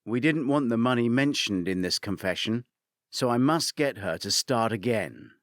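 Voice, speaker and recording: A man narrating a first-person thriller audiobook, shifting between characters in an animated reading. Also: medium pitch, moderate pace, no echo, clean studio sound.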